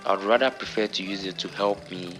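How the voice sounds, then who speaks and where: Low-pitched male narrator, earnest motivational voice-over, music underneath. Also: fairly quick. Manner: earnest, preaching tone. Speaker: vlogger.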